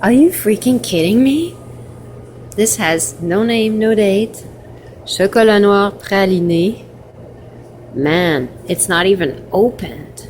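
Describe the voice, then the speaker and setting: A woman's voice: mid-range voice, expressive, slow, a little mellow, slight background noise. A woman vlogging from a hostel in a chatty, rambling way with laughing asides, while she is sick. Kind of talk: casual vlog chat. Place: hostel kitchen and common room.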